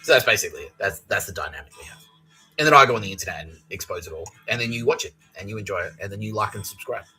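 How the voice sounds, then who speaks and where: A man hosts a podcast and rambles through a comic monologue packed with swearing and "like, yeah" fillers. His voice is very low yet bright and forceful. Faint music plays underneath. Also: lively intonation, racing, low-quality recording. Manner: profane, rambling, full of fillers. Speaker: podcast host.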